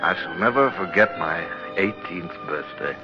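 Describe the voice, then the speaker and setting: A man's voice: deep voice, expressive, normal speed, loud music behind the voice. An actor playing an earnest, self-blaming young English midshipman who narrates and gives clipped commands in a 1950s radio drama. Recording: dull lo-fi old radio recording with faint noise.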